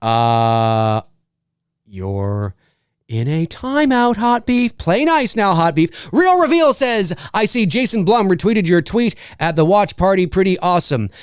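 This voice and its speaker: A man's voice: sits high, unhurried, clean tone, no echo, studio quality. A middle-aged man hosting a casual live stream, reading viewer comments aloud and joking back at them. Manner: animated, reads chat aloud and jokes back.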